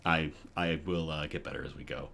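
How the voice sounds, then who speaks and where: A man's voice: rumbling low, steady tone, brisk, vocal fry, pushed and bright. A man hosting a casual live good-news show from home, chatty and upbeat, a little out of breath. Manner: chatty and upbeat, with chuckles and restarts.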